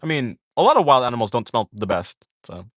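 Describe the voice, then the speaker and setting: A man's voice: mid-range voice, very animated, quick pace, a bit bright. A man chats casually with his viewers on a stream, answering their questions. His voice moves up and down animatedly as he talks. He wanders through his sentences, stacking fillers and restarting thoughts. The sound is dry, with no room echo. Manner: rambling, full of "like" fillers and self-corrections; reads viewer questions aloud and answers them. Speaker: art streamer chatting with viewers. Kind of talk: casual livestream chat.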